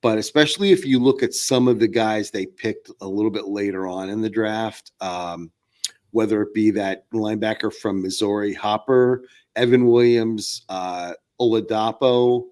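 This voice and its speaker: A man's voice: lowish voice, steady tone, moderate pace, a little mellow. A man appearing as a podcast guest, talking sports in a casual, rambling way with many fillers and restarts.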